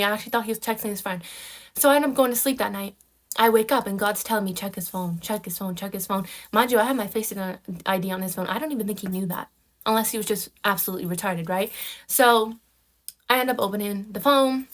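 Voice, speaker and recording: A woman's voice: a little high, fast. A young woman vlogger telling a personal story in casual chat, full of "like" and "right?". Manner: animated storytelling, frequent "like" and "right?" fillers.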